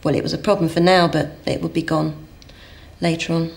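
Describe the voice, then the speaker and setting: Soft, gravelly-voiced woman. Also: low-pitched, flat delivery, a little fast. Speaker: parent. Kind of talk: interview.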